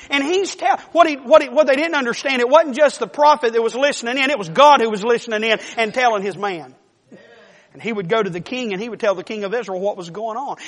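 A man preaching a sermon, telling a Bible story in an animated way and acting out the characters' voices. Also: very high voice. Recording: long reverb of a large hall.

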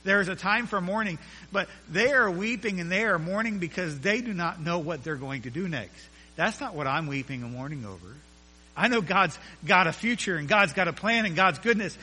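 A man with a high, bright, forceful voice preaches a sermon, driving his points home with repeated phrases and sudden drops to a hushed tone. His voice rings out with a long reverb in a church hall. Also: animated, moderate pace, breathy edge.

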